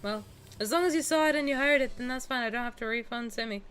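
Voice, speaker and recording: Young streamer girl, kinda high bright voice, bouncy, cheeky and swears a lot, faint music behind. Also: fast talker, clear, resonant tone. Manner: animated and cheeky, swears and laughs often. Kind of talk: casual live-stream chat. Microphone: headset with headphones.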